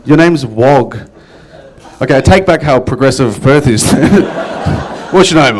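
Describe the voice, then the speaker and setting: A man's voice: mid-range voice, lively intonation, slow, pauses often. A man from Melbourne with an Australian accent, performing a crude, loose stand-up set with crowd work. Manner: crude, crowd-work banter, swears freely. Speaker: stand-up comic.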